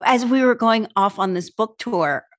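A woman, chatting as an interview guest and telling animated, laughing stories. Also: on the high side, normal speed. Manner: animated storyteller, acts out voices, laughs often. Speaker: talk show host and author, guest. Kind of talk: casual interview chat.

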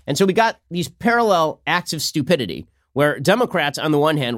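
A man hosting a political commentary show, talking fast with a sarcastic, mocking manner. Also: a little high, very animated, fairly bright tone, dry recording, clean studio sound. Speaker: host.

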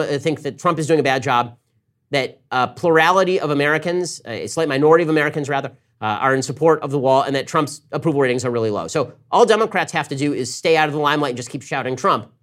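Rapid-fire sarcastic male commentator. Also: on the high side, a bit bright. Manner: rapid-fire, sarcastic, mimics opponents in quick asides. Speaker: political commentary host. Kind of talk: fast political commentary monologue.

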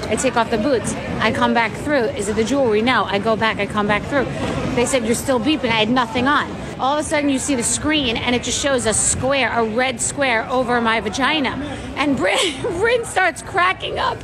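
Animated woman outdoors by traffic. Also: fairly high pitch, moderate pace, crowd noise. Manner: animated, acts out quoted exchanges. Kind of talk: casual anecdote.

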